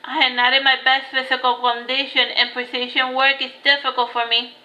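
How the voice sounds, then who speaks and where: A woman reading the lines of a shy, apologetic grown son in a soft-spoken way. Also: sits high, little pitch movement, a little fast, dull audio.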